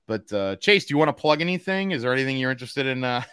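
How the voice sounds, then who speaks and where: A man's voice: mid-range voice, expressive, racing, a bit bright, smooth, no echo. A man with a Boston accent hosting a casual podcast, rambling through fillers and restarted sentences. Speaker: podcast host.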